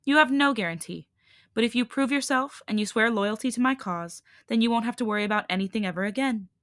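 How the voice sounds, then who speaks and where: A woman reading a tired but firm young male hybrid leader in a calm, steady voice. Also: on the high side, quick pace, no echo, studio quality, close to an everyday voice.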